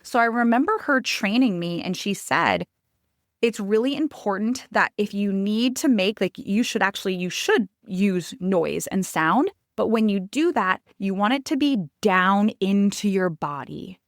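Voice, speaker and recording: A woman's voice: medium pitch, lively intonation, a little slow, dry recording, studio quality. A woman in her thirties hosting a podcast, telling a personal story in a confiding, emphatic way and speaking straight to her listeners. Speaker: podcast host.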